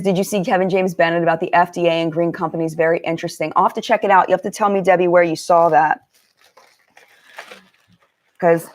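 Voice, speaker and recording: A woman hosting a casual live-stream chat, greeting viewers one by one and talking about makeup products. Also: fairly low pitch. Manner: chatty, warm greetings to viewers, many fillers. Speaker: beauty channel host.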